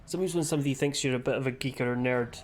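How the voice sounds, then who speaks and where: A man's voice: mid-range voice, racing, a little hiss or hum. A man streaming a game live and chatting casually, with rambling, sweary asides.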